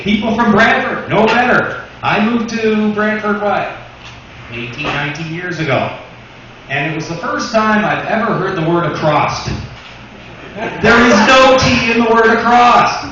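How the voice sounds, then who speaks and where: A man's voice: high-pitched, very echoey, recorded from a distance, muffled recording, background noise. A man doing a stand-up comedy routine, saying "you know" often, recorded from afar in a small club. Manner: says "you know" a lot.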